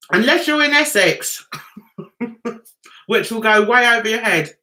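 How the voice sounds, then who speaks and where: English woman, livestream host, reading and answering chat; high, animated voice, easy unhurried pace. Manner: chatty, reads viewer comments aloud and answers them with frequent laughs.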